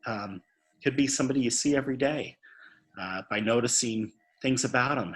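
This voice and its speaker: A man's voice: mid-range voice, moderate pace, fairly bright tone. A man speaking earnestly in an interview, telling a story and often repeating words as he stresses a point. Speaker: suicide prevention speaker.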